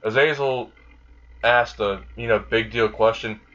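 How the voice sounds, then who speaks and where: A man's voice: on the low side, fairly even intonation, a little slow, a bit bright, highs cut off. A man casually retelling a fan-made story in a rambling way, with many fillers. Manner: rambling, frequent fillers and laughing.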